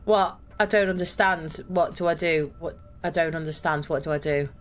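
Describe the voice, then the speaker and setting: A woman's voice: low voice, normal speed, soft background music. A young woman streaming a horror game, thinking aloud, swearing and getting exasperated. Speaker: gaming streamer. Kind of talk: live gameplay commentary.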